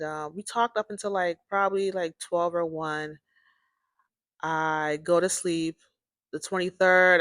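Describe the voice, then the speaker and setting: Bright-voiced woman telling her story. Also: fairly low pitch, dry recording, studio quality. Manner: rambling and repetitive, addresses listeners as "y'all". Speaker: host of a personal story series. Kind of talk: casual personal storytelling.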